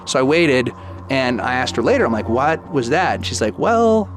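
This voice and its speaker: A man's voice: medium pitch, moderate pace, noisy background. A man in his thirties telling a personal ghost story in a casual way, acting out the quoted dialogue and using lots of "like". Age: 30s. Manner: lively retelling that acts out quoted dialogue, with many "like"s. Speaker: guest storyteller.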